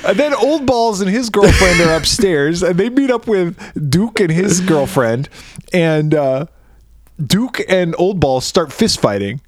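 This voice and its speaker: A man's voice: sits high, big pitch swings, measured pace, no room sound. Male podcast co-host, casual and crude, acts out scenes in goofy voices, dry close mic. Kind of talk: casual movie chat.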